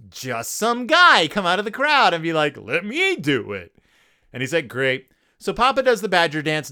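A man's voice: high-pitched, big pitch swings, moderate pace, pushed and bright. A man hosting a comedic podcast, reviewing a children's book with sarcasm and goofy character voices. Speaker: podcast host.

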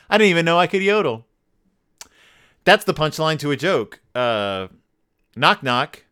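A man's voice: a little high, big pitch swings, unhurried, pushed and bright, clear, resonant tone. A man hosting a podcast, reviewing a children's book in a sarcastic, joking monologue, sometimes slipping into mock accents. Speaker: podcast host.

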